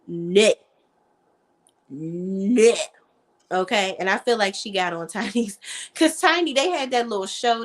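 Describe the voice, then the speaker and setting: A woman hosting a casual chat about reality TV, blunt and profane, quick to laugh. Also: a little high. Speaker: host.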